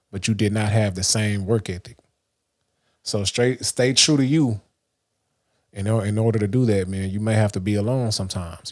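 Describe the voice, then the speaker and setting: A man's voice: lowish voice, darkish tone. A man from Dallas, hosting a livestream and talking through a loose, rambling motivational monologue. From Dallas, Texas. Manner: loose and rambling, many restarts and fillers. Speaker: livestream host.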